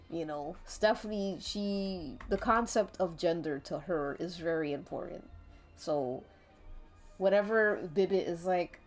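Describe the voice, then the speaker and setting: A woman's voice: lowish voice, slow. A woman streaming while she draws, chatting in a rambling, giggly way and swearing casually. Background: faint background music.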